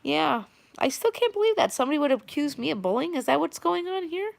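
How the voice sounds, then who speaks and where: Chatty Long Island woman with vocal fry. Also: high-pitched, big pitch swings, fast talker, no echo. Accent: Long Island New York. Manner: rambling, chatty, greets viewers by name. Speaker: live-stream host. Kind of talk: casual live-stream chat.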